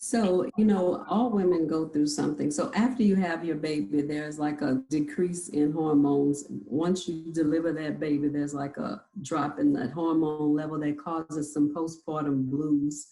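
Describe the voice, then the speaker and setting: A woman's voice: deep voice, steady tone, measured pace, hardly any pauses, dark tone. A woman in her forties, a nurse practitioner, earnestly explaining and sharing her own story, often checking in with "right?". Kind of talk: candid personal storytelling. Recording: roomy echo.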